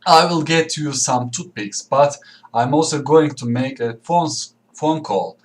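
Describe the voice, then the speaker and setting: A man's voice: a little high, measured pace, natural voice. A man reading aloud, voicing an impatient young businessman who speaks urgently and insistently.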